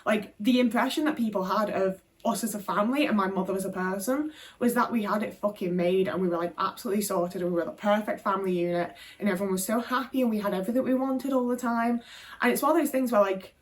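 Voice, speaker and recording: A woman's voice: mid-range voice, fast, far from the mic. A British woman telling her own life story to camera, frank and full of swearing and "like" fillers. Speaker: video creator. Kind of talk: candid personal storytelling to camera.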